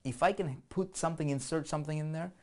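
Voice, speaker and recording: A man's voice: a little high, fast. A man teaching online marketing in a casual screen-share walkthrough, thinking aloud and often checking in with "right?".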